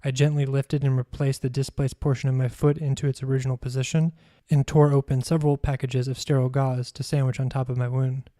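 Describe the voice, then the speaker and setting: A man, a podcast host, reading his own memoir aloud in a measured, even storytelling manner. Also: medium pitch, no room sound, clean studio sound.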